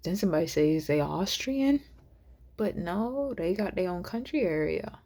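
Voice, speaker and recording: A woman vlogger musing aloud to camera, soft and rambling, often half-whispered. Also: on the low side, expressive, moderate pace.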